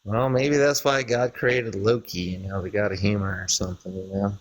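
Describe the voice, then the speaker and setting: A man calling into a live stream, talking in a rambling, chatty way. His voice sits a little low. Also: fairly even intonation, normal speed, a little hiss or hum. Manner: rambling storyteller, acts out quoted lines. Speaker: caller. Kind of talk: casual chat, telling a joke.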